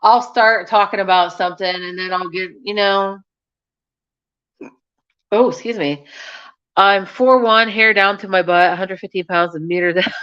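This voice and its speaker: A woman's voice: medium pitch, fairly bright tone, clean tone. A young woman hosting a casual live chat with her viewers, talking frankly and scatteredly and laughing often. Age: young adult. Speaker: YouTube channel host. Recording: dull lo-fi sound.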